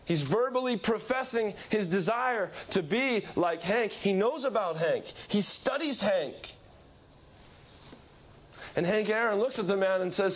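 A man's voice: measured pace, slight background noise. A man preaching a sermon, telling a story emphatically with many repetitions. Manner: emphatic storytelling, repetitive, lively shifts in pitch.

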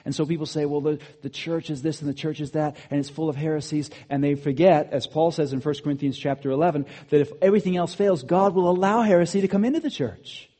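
A man preaching a sermon, animated, rising to emphatic peaks and dropping to quiet asides. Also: fairly high pitch, fast, hardly any pauses. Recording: long hall reverb.

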